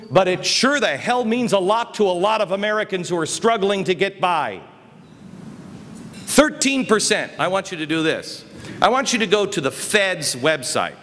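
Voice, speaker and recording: A man giving an emphatic political speech at a conference, his voice swinging between quiet and loud. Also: high-pitched. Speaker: speaker. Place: conference hall. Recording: reverberant hall, faint noise.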